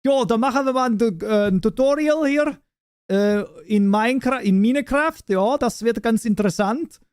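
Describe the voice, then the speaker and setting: A man voicing an overeager male German tutorial host in an exaggerated, bright singsong delivery. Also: very high voice, normal speed, smooth, dry recording, studio quality, voice pushed up. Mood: mock cheerful.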